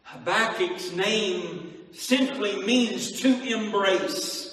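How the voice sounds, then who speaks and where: A man preaching a slow sermon in a high voice, drawing out his words. His voice rings through a large echoing hall, heard from a distance away from the mic. He climbs into sing-song emphasis and throws rhetorical questions at the congregation. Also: animated, fairly bright tone. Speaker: pastor. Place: church hall. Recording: echoey hall from far off.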